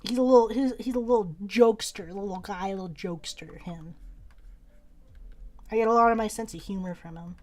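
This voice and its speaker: A woman's voice: mid-range voice, brisk, a little mellow. A young woman streaming from home, chatting casually and rambling as she draws, often laughing and repeating words. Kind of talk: casual chat while drawing on stream.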